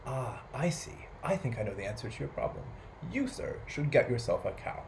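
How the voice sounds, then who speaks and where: A man voicing a calm old village wise man who gives advice slowly and thoughtfully in a storybook read-aloud. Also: mid-range voice, slight background noise. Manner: slow, hushed, thoughtful delivery.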